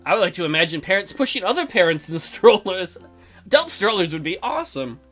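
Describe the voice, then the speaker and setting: Lively bright-voiced game host. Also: male voice, high-pitched, a little fast, faint music behind. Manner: animated, joking, breaks into silly voices. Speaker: let's play host. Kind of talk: reading a visual novel aloud with jokey asides.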